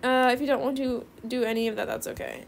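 A teenage girl chatting excitedly through casual gameplay commentary, bubbly and calling viewers bestie. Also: high voice, fast, creaky, a little hiss or hum. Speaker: gaming video creator.

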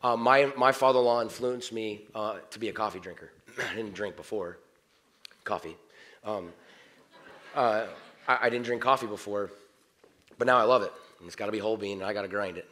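A middle-aged man preaching a sermon in a church. His talk is conversational, and he swings between quiet prayer and animated outbursts. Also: lowish voice, a little fast, pauses often. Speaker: pastor. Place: church sanctuary.

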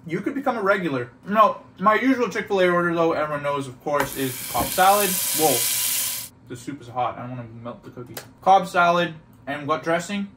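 A man's voice: fairly high pitch, brisk, slight background noise. Young man, slightly raised voice, playful ribbing, eating on camera. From Toronto, Canada. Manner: teasing, excitable, talks while chewing. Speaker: co-host. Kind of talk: casual mukbang chat. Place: indoors, sitting on the floor.

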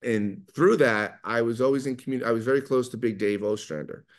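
A middle-aged man with a New York accent, talking fast and loud as he tells animated stories in an interview. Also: medium pitch. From New York area. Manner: fast, loud, animated storyteller who acts out quotes. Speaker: guest, pizza maker. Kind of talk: storytelling in an interview.

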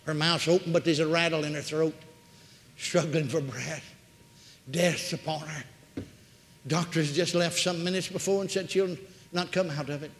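A man preaching a storytelling sermon, swinging dramatically between hushed and loud delivery. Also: fairly high pitch, fairly even intonation, normal speed, pauses often, slight background noise. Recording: echoey hall.

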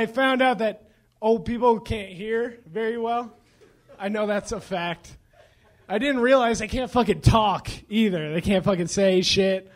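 A young man doing a loose, profane stand-up set while intoxicated, laughing at his own jokes. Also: sits high. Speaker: stand-up comedian.

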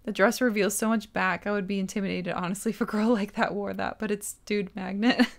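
A woman hosting a relaxed let's play, chatting with amusement and laughing often. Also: mid-range voice, a little fast, creaky. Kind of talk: relaxed gameplay commentary.

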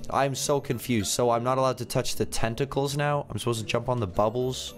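A man's voice: medium pitch, steady tone, fairly quick, few pauses, soft background music. A man giving casual, jokey commentary as he plays a video game, often thinking aloud and confused. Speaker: gaming YouTuber.

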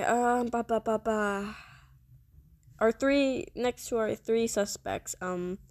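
Young woman gaming, slow but really lively voice, dramatic and swearing, talks to herself. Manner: dramatic, swears and talks to herself, sudden high shrieks and gasps. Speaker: player. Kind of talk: reacting while playing a murder mystery game.

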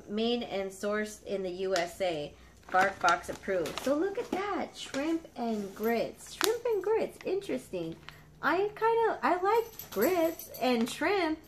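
A young woman casually chatting as she unboxes a dog subscription box, excitable and gushing, stopping to talk to her dogs. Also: on the high side, a little hiss or hum. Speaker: dog channel vlogger.

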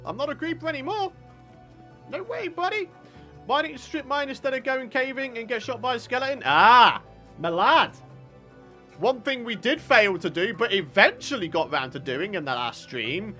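Upbeat high-voiced male game streamer. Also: sharp tone. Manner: chatty, upbeat, reads and answers chat. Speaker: livestreamer. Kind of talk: live gameplay commentary with chat.

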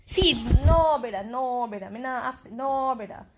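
A woman with a Jamaican accent commenting live on her game, excitable and teasing her opponent. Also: on the high side, moderate pace. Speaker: game streamer.

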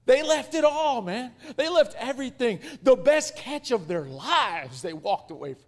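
Animated preacher in a reverberant church. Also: male voice, very high-pitched, normal speed, hardly any pauses. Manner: animated storytelling, acting out quotes. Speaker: guest preacher. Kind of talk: sermon. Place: church sanctuary. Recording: long hall reverb.

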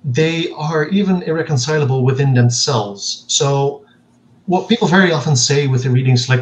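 A man speaking as a linguist guest in an interview, explaining in a measured way and acting out quoted examples. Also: medium pitch, low-quality recording.

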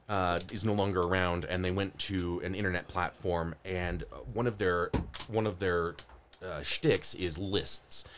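A man co-hosting a podcast, casually introducing and reading from an online list, enthusiastic and quick to laugh. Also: sits low, a little hiss or hum. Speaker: podcast co-host.

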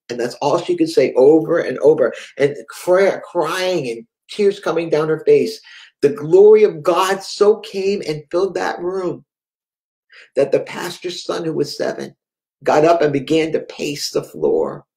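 A man preaching a sermon, telling a story with fervor, dropping to a hush and then rising again. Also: a little high, expressive, unhurried. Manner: impassioned storytelling, swings between hushed and raised; reads viewer comments aloud live.

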